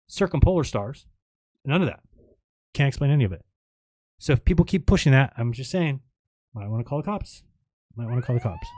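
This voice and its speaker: Male live-stream host, mid-pitched, sarcastic rambling rant, dry close mic. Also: no echo. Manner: sarcastic, rambling, mocking quotes. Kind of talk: casual ranting monologue.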